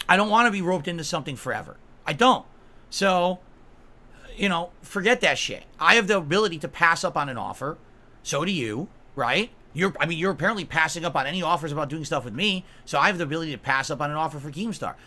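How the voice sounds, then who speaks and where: Man, livestream rant, aggrieved, emphatic, swearing, fairly high voice. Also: bright, forceful tone. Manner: aggrieved, repeatedly asks "right?" and "okay?". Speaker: streamer. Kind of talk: ranting livestream monologue.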